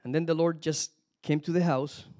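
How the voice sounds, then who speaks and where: A man preaching a sermon, animated, calling out hallelujah and praise the Lord between points. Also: a little high, moderate pace. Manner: animated, exclamations of hallelujah, some restarts.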